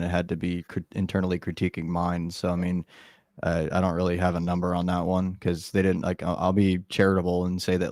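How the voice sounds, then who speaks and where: A man with a deep, strikingly flat voice, hedging and conciliatory as he defends his position. The sound is dry and close. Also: no room sound. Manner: hedging, filler-heavy, conciliatory. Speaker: debater. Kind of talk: live-streamed debate discussion.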